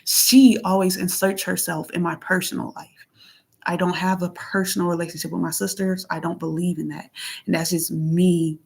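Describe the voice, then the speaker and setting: Aggrieved woman vlogger, lowish voice. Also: little pitch movement, normal speed, creaky, husky. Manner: reads out text messages and comments on them; plainspoken, aggrieved, repeats herself. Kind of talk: casual venting monologue.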